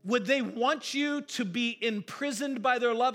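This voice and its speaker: A male pastor preaching a sermon in an animated, emphatic, conversational way. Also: extremely high pitch, measured pace, few pauses, faint music behind.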